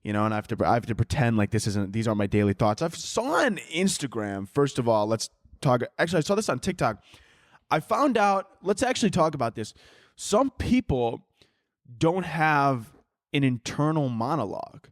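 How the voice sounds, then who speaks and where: Talking quickly with big swings in pitch, this man has a medium-pitched voice. He's the host of his own podcast, chatting alone into a handheld microphone, wandering off on jokey, foul-mouthed, laid-back tangents. The sound is clean studio quality without echo.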